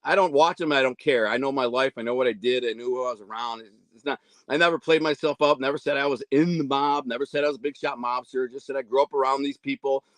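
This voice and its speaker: Speaking quickly at a medium pitch, this roughly fifty-year-old man has a slightly bright tone and no echo around him. He's being interviewed casually, telling meandering stories and mimicking the people he quotes.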